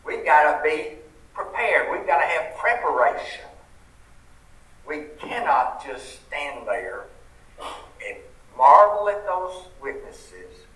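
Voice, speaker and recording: A man's voice: a little high, big pitch swings, slow, pushed and bright. A man with a Southern US accent preaching a sermon, earnest and folksy, asking the congregation rhetorical questions. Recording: roomy sound from a distant mic.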